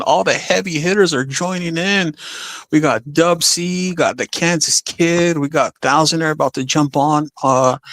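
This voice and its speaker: A chatty man hosting a casual livestream, his voice sitting a little high. He is upbeat, full of fillers, and reads viewer comments aloud. The sound is close and dry, with no room in it. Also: fairly bright tone, no room sound. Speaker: livestream host.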